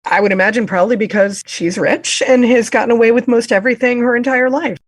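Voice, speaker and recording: A woman's voice: fairly high pitch, steady tone, fast talker, no echo. A woman co-hosting a podcast, summarizing a criminal trial in a chatty, self-deprecating way. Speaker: podcast co-host. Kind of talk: casual true-crime discussion.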